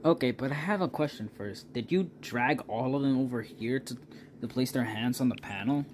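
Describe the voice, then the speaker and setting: A man's voice: medium pitch, normal speed, a little hiss or hum. A young man reading a game story aloud, with casual, amused asides between the dialogue. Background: background music.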